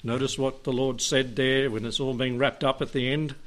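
A man pastor preaching a sermon, chatty and questioning, reading scripture slowly with emphasis and laughing now and then. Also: medium pitch, level tone, a little hiss or hum. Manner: conversational preaching, asks the congregation questions, chuckles often.

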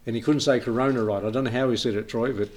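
A man's voice: medium pitch, rapid-fire. A man preaching an informal sermon, reading scripture and telling homely stories with frequent chuckles. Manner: chuckles often, relaxed storytelling.

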